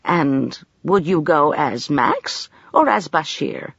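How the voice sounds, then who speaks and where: Brief: narrator doing an older woman amateur spy, nervous and polite, with a lively, rising and falling pitch. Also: slow pace, gravelly, slightly rough, dry recording, muffled recording, exaggerated voice. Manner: polite, anxious. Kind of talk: audiobook character reading.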